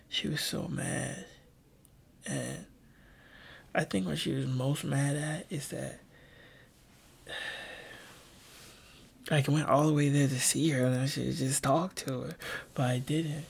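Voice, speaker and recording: A young man hosting a personal podcast, talking in a subdued, halting way with lots of fillers, restarts and casual slang. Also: fairly even intonation, vocal fry, husky. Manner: subdued, low-key delivery. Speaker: podcast host.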